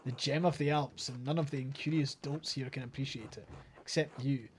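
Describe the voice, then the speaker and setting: A man's voice: mid-range voice, fairly even intonation, a little hiss or hum, close to an everyday voice. A Scottish man doing a haughty, pompous miller. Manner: haughty, condescending, slow and drawn out. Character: pompous proud adult male miller.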